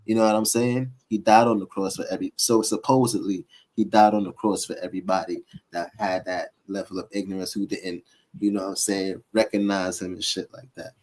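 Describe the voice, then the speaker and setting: A man with speech, rambling in a drowsy, low-key way through casual podcast chat, full of fillers. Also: little pitch movement, brisk, darkish tone.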